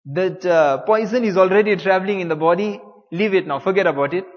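A man's voice: high-pitched, brisk, in a large hall, muffled recording, close to an everyday voice. A man voicing a doctor who delivers bad news in a grave, matter-of-fact way.

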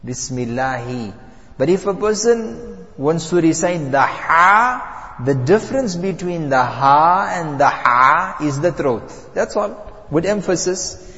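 A man teaching a lesson on Quran pronunciation, telling stories with chuckles and demonstrating letters slowly. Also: fairly high pitch, a bit bright. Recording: dull reverberant hall recording.

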